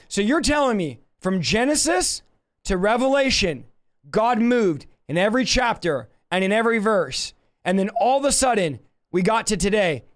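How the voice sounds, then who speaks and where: A young man preaching a fiery sermon, shouting passionately in fast bursts and then slowing down for emphasis. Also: very high voice.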